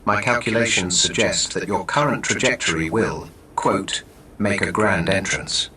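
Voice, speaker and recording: A synthetic male voice for a polished AI assistant with a crisp British accent, confident and playful, heard from computer speakers. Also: fairly low pitch, pushed and bright. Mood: measured. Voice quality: crisp, measured, articulate. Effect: played through computer speakers. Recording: far-off speaker playback, roomy, noisy.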